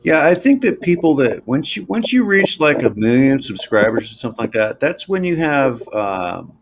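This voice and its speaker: Gravelly man rambling on a noisy stream. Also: medium pitch, very animated. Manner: rambling, halting, talks to himself while clicking around. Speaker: live stream host. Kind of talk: casual live stream chat. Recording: noisy home stream audio.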